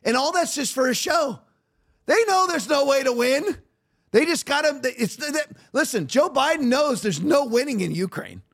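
A man's voice: very high voice, expressive, moderate pace, a bit bright. A man hosting a podcast, delivering heated, sarcastic political commentary and hammering the same points over and over. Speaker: podcast host.

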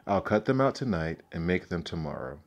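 An honest old shoemaker from a storybook, weary and sighing over his worries, as a man reads his lines. The voice is deep and plain. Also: sing-song, brisk, full character voice.

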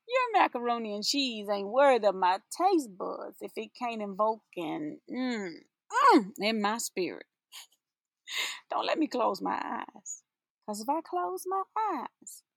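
A woman's voice: mid-range voice, big pitch swings, slow pace, creaky, slightly rough, no echo, studio quality. A woman teacher giving an inspirational spoken-word monologue, sassy and playful, laughing often and drawing out her words for emphasis.

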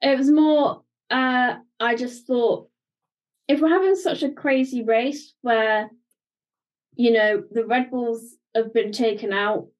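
A woman's voice: a little high, slow pace. A woman co-hosting a casual podcast, hesitant and searching for words. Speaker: podcast co-host. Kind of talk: casual chat.

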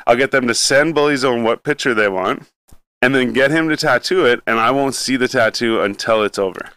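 A man's voice: mid-range voice, brisk, fairly bright tone, clean tone, no room sound. A young man hosting a casual podcast chat, telling a story in a laid-back, rambling way with lots of swearing.

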